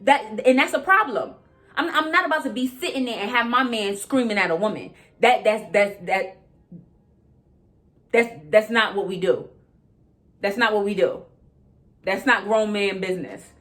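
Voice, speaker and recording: A woman's voice: mid-range voice, normal speed, long pauses, soft background music. A young woman with ranting casually and profanely while recapping a reality show. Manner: animated, profane, emphatic, repeats herself. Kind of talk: casual reaction rant.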